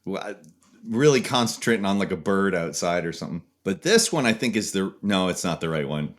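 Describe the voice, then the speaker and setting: A man's voice: low voice, brisk. A young man giving a casual tutorial walkthrough, chatty and jokey. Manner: animated, jokey, chatty explaining. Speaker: video creator.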